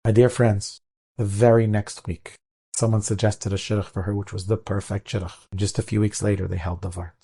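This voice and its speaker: Brief: gravelly, mellow-voiced rabbi telling an earnest moral story. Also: male voice, lowish voice, level tone, a little fast. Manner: earnest, mixes in Hebrew words. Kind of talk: storytelling sermon.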